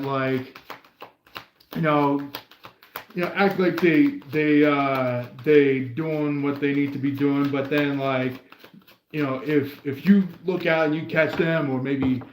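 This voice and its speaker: A man's voice: fairly high pitch, fairly even intonation, takes it slowly, echoey room, slight background noise. A man hosting a live tarot reading stream, talking in a meandering way, full of fillers and restarts. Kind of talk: rambling live-stream chat.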